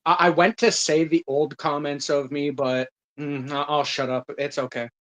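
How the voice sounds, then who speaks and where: A man's voice: fairly high pitch, level tone, normal speed, a crowd in the background. A man chatting casually on a live stream panel, joking, laughing often and stammering through restarts.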